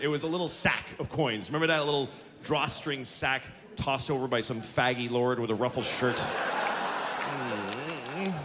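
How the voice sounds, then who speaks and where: A man in his forties doing a stand-up comedy routine, ranting with profanity and slipping into quick character voices. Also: mid-range voice, very noisy. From United States. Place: large theater on stage. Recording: live theater with hall reverb and crowd laughter.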